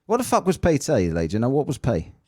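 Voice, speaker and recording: Lively, swearing British podcast host. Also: male voice, medium pitch, quick pace, no echo, studio quality. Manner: swears freely, jokey, storytelling. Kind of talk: casual podcast chat.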